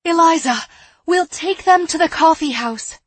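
A woman's voice: high voice, slow pace, husky, dry recording, pitched above the performer's own voice, full character voice. A woman voicing an earnest young woman helper who pleads her case. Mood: eager.

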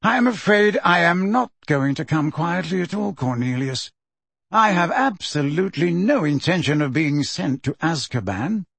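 Man playing a calm old storybook wizard, pleasant and wry, slightly husky. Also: on the high side, moderate pace, no echo, full character voice. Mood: gently ironic. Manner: calm, pleasant, gently ironic. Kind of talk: audiobook character reading.

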